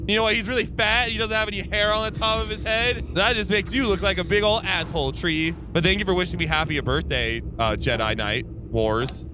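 Sarcastic gamer dude, high bouncy voice, game noise behind him. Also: male voice, moderate pace. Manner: sarcastic, teasing, brash. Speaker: YouTuber roleplaying in an online game. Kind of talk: casual game voice chat.

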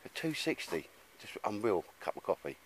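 An outdoor gear vlogger talks casually to a handheld camera in the woods, blokey and rambling, calling people "mate." His voice is fairly low with big pitch swings, at a normal speed. There's slight background noise.

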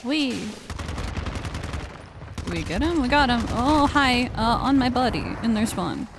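Young woman game streamer, excitable, swears freely; noisy hiss in the recording. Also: fairly high pitch, measured pace. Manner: excitable, swears a lot, laughs often. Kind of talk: casual gaming stream chat.

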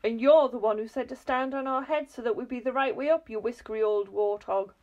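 A woman's voice: sits high, moderate pace, muffled recording, lightly acted. A woman voicing a spiteful old wife who screams insults in a storybook reading. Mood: shrill.

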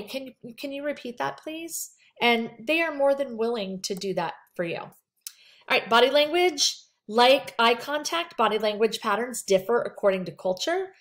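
Woman lecturing on counseling skills, reads the slide then chats about her own sessions. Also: fairly high pitch. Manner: conversational, talks through slides with asides. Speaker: counseling instructor.

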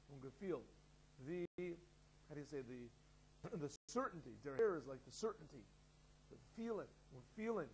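A man's voice: fairly high pitch, a little hiss or hum, rough recording. A man teaching a yeshiva class, talking through a text in a conversational way, asking rhetorical questions, then reading and translating aloud. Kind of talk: Torah class lecture.

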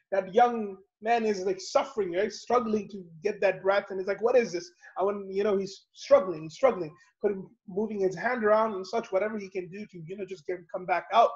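A man leads an online study circle, telling stories and asking rhetorical questions in an animated way. His voice sits high and the call audio is dull and lo-fi. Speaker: halaqa speaker and host. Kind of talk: religious lesson over video call. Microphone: video call.

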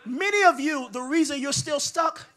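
Preacher guy w a really high bright voice, sing-song sermon, faint music behind. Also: moderate pace. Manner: preaching with sing-song cadence, building to shouts; call-and-response with the congregation. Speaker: pastor.

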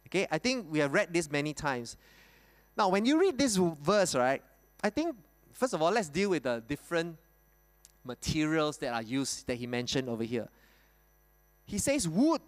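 A male pastor preaching a sermon, explaining scripture with rhetorical questions and repeating his key points. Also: high voice. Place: church hall. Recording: reverberant church hall.

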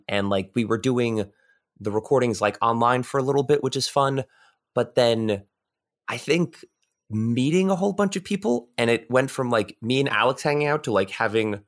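A man as a guest on a podcast, chatting casually and rambling with many restarts and repeated words. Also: mid-range voice. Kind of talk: casual interview chat.

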